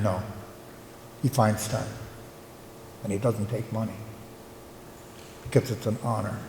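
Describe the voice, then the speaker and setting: An older man, a local historian and retired teacher, gives a reflective conference talk, pausing with fillers as he tells stories. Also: on the low side, steady tone, warm tone. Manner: reflective storyteller, halting with fillers. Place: conference hall. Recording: echoey hall, faint room noise.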